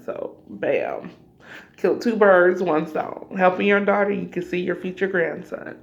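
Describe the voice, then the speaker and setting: A woman's voice: on the low side, moderate pace, creaky. A woman vlogger telling a personal story casually to her viewers, acting out scenes with cries and asides. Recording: slightly dull lo-fi audio.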